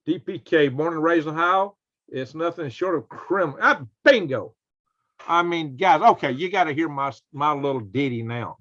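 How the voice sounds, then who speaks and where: A man's voice: a little high, normal speed, a bit bright. A man, hosting a casual live stream in a folksy, exclaiming way and chatting with viewers. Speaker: host. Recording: dull lo-fi sound.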